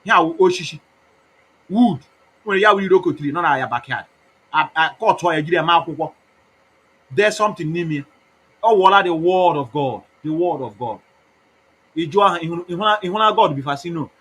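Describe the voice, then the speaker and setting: Husky Igbo-accented man, preachy ramble. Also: on the high side, lively intonation, fast, long pauses, fairly bright tone, poor audio. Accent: Igbo Nigerian. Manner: mixes English and Igbo, preachy and mocking. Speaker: activist campaigner. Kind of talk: rambling campaign talk.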